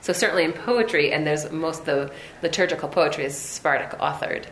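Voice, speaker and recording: A woman leads a text study class in a slightly low voice, explaining step by step and tossing in lively asides. The room gives her voice a noticeable echo, with a faint hum of background noise underneath. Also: brisk. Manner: explanatory, animated asides, frequent "right?". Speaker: Torah class teacher.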